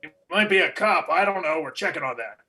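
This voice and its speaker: A clumsy police chief who muddles through, full of hesitations and guesses, read by a man. His voice is bright and fairly high. A comedic staged play reading. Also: expressive, fast talker. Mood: bumbling. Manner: bumbling, hesitant, filler-heavy.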